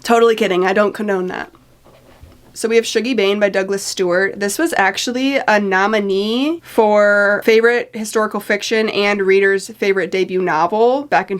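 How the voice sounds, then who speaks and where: A young woman chatting casually about books at home, rambling, swearing, and reading out blurbs. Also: medium pitch. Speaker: book vlogger.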